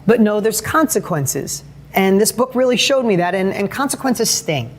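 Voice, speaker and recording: A middle-aged man with a high-pitched voice gives an earnest motivational talk, telling family stories with frequent restarts and self-corrections. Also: expressive, normal speed, a little hiss or hum. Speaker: motivational speaker.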